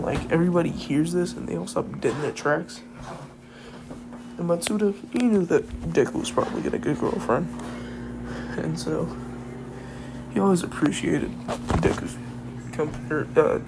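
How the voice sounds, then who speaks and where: A man's voice: on the high side, moderate pace, creaky, long pauses, noisy background. A young man casually retelling a fan-fiction story, rambling, filling with "like" and correcting himself. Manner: rambling, full of "like", self-correcting.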